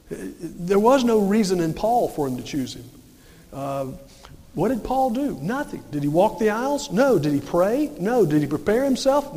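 A man's voice: high voice, darkish tone, big-room sound. A male pastor preaching a sermon in a folksy way, firing rhetorical questions and answering them himself.

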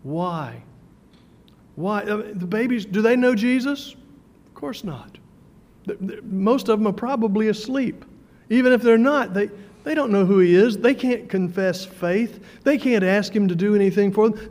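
High-voiced man preaching in a reverberant hall. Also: a little slow, a little mellow. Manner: conversational, with frequent fillers and repeated words. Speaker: pastor. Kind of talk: sermon.

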